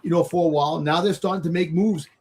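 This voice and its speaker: A man's voice: a little high, fairly even intonation, fast talker, darkish tone, breathy edge. A man on a casual wrestling panel, rambling with lots of fillers and swearing.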